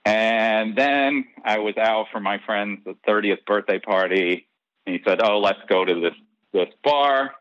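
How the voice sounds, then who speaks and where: Speaking at a measured pace in a lowish voice, a man who heads the writing on a soap opera shares anecdotes casually in an interview. He's animated and performs the lines of dialogue himself, and the podcast audio is dull, dry and lo-fi.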